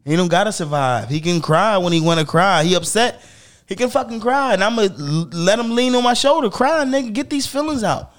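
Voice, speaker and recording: A middle-aged podcast host talks briskly, candidly, and emphatically, swearing a lot. His voice drops low and quiet, then rises loud.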